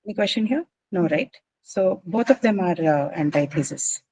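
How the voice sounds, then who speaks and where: Speaking fairly quickly in a lowish, mellow, slightly rough voice, an English literature teacher explains figures of speech to her class. She's patient and checks that everyone's keeping up, though the audio quality is poor.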